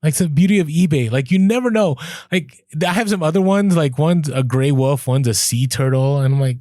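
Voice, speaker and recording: A man co-hosting a podcast, telling a story in casual chat, animated, laughing as he goes and acting out what people said. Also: a little high, fairly quick, dry recording, studio quality. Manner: animated, laughs through stories, acts out quoted lines. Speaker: podcast co-host.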